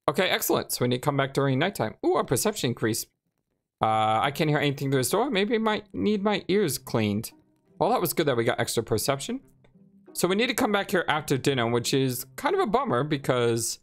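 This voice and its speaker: Low-voiced chatty woman gaming. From Ireland. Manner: chatty, reads on-screen text aloud, muses to herself. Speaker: let's play gamer. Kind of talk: casual game commentary.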